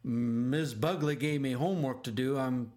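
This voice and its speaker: A man's voice: mid-range voice, a little slow, darkish tone, close to an everyday voice. A man voicing a big, sheepish schoolboy bug in a storybook, mumbling and hesitant. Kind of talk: storybook reading.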